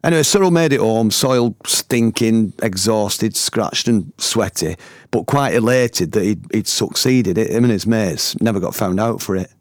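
A man's voice: on the low side, animated, moderate pace, no room sound, clean studio sound. A middle-aged man from the north of England, telling a personal anecdote in colloquial, chatty language and laughing as he goes. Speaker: storyteller and former band member. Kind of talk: anecdotal storytelling.

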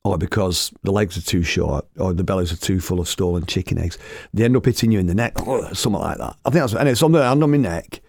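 A man's voice: deep voice, quick pace, gravelly, a little mellow, dry recording, clean studio sound. A man, a former radio host, telling rambling, chatty anecdotes and laughing at his own tales. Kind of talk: casual anecdotal storytelling.

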